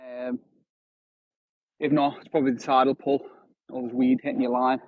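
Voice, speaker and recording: A man's voice: mid-range voice, level tone, normal speed, dry recording. A man, in his thirties, chatting casually to viewers during a live stream while fishing outdoors. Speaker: fishing livestreamer. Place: outdoors on a windy shore. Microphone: phone live stream. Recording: dry tinny phone audio.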